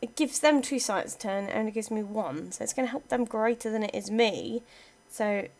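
A woman's voice: mid-range voice, moderate pace, a little mellow. A young woman chatting casually through her strategy game, talking to her units as she plays. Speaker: let's play gamer. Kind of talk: casual gameplay commentary.

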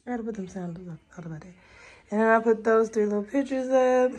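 A woman's voice: a little high, fairly even intonation, quick pace, a little mellow. A woman vlogging in casual chat, talking to her viewers directly as she unpacks and shows off purchases. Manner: chatty, talks to viewers as y'all.

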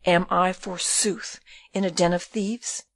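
A woman's voice: lowish voice, fairly even intonation, extremely slow, bright, forceful tone, heavily acted. A woman voicing a spiteful old male jailer in an audiobook, speaking with sneering, bitter irony. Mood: mocking.

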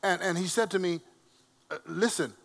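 A man preaching a sermon to a responding congregation, swinging between loud, emphatic calls and quiet storytelling. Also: high-pitched, normal speed, vocal fry.

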